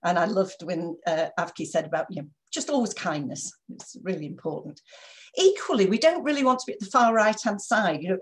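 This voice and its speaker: A woman leading a live online training session, lively and encouraging, who keeps checking in with her listeners. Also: fairly low pitch, moderate pace. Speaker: corporate trainer.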